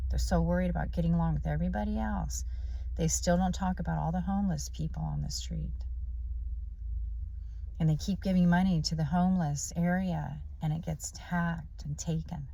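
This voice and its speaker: A woman with a low, gravelly voice rants in a monologue on her vlog. She is blunt and preachy and swears constantly. The rasp of vocal fry runs through her talk. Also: dark tone. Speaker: vlogger. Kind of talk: profane ranting monologue.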